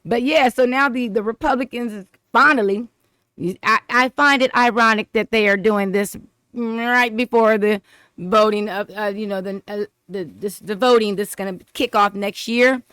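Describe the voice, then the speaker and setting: Rambling, animated woman vlogger. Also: fairly high pitch, moderate pace, clean tone, dry recording, clean studio sound. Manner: rambling and animated, repeats herself, laughs often. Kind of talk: casual political commentary vlog.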